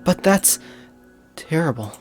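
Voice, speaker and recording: A game player reading aloud as a timid, sad teenage girl who speaks softly and hesitantly. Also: medium pitch, expressive, slow, faint music behind. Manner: soft, hesitant. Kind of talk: reading a visual novel aloud.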